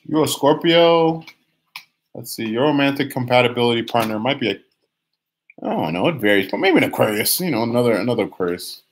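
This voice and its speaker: A man's voice: medium pitch, lively intonation, a little hiss or hum. A young man in the middle range of men's voices hosts a live tarot reading stream. He chats loosely with viewers, teasing them as he reads their comments aloud. He stumbles and restarts his phrases as he pulls cards. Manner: many restarts and drawn-out phrases, sometimes sings a line. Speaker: tarot reader.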